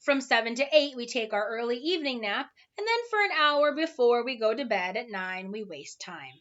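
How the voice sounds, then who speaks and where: A woman's voice: fairly high pitch, animated, normal speed, a bit bright, lo-fi sound. A woman voicing a crowd of lazy, drowsy townsfolk, reciting their idle schedule in a droning sing-song.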